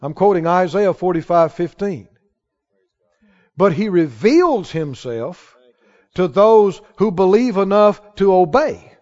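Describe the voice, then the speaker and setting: A male pastor preaching a sermon to a congregation, emphatic and rising to shouts on key lines. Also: high voice, animated, takes it slowly. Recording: dull sound with long hall reverb.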